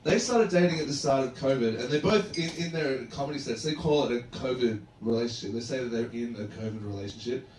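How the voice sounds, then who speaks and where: Speaking quickly with lively intonation, an Australian stand-up works through a loose roast set at a comedy club, sprinkling "man" and "dude" throughout. His voice is mid-range with a darkish tone. Audience laughter and background noise fill the echoey room, captured on a distant mic.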